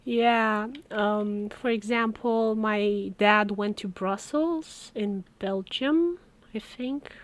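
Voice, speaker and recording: A Romanian woman with a medium-pitched voice speaks extremely slowly while chatting casually on a live stream as she works. She tells stories in a chatty way, slipping little laughs between her words.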